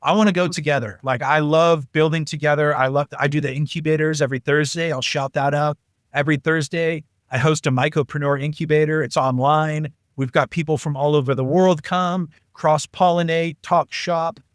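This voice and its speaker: A man telling casual, animated stories as a podcast guest. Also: a little high, normal speed, no room sound, studio quality. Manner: animated, jumps into quoted voices. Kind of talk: casual anecdotal storytelling.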